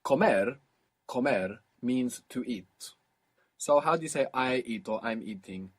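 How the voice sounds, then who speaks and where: A man with a slightly husky, mid-pitched voice teaches a recorded language lesson. He explains patiently, pausing to repeat word endings and forms slowly. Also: lively intonation. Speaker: language teacher on audio course.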